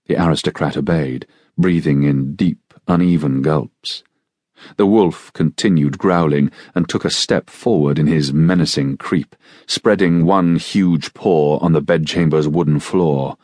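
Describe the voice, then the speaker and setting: A man narrating an audiobook in a measured, steady storytelling manner. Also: extremely low pitch, dry recording, studio quality. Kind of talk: scripted narration.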